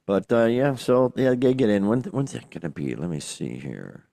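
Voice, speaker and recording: Deep-voiced older man in rambling chat. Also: sing-song, normal speed, vocal fry, warm tone, dry recording, clean studio sound. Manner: rambling, joking, frequent fillers and exclamations. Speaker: podcast co-host. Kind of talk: casual chat.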